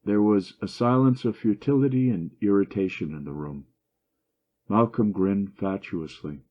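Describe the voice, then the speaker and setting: Deep-voiced man reading a story. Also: moderate pace. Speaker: story reader. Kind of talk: reading a classic short story aloud. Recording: dull lo-fi recording.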